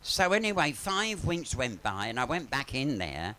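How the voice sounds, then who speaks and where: A man's voice: medium pitch, big pitch swings, moderate pace, sharp tone. A man doing drag comedy on a pub stage, telling bawdy, camp stories and laughing at his own jokes into a stage mic. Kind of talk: live comic storytelling. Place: pub stage, live audience. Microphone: handheld stage mic via sound desk.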